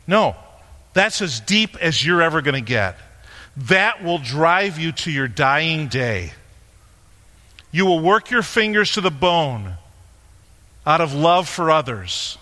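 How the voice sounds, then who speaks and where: Male pastor, high bright voice, chatty sermon with asides to a helper, long hall reverb. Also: lively intonation, unhurried. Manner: conversational, joking aside with a helper on stage. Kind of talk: sermon with props. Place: church sanctuary.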